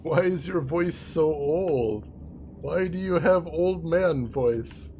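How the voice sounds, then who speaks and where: A man giving chatty, animated commentary while playing a video game, laughing often. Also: on the high side, a little slow, slight background noise. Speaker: gaming streamer. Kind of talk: casual let's-play commentary.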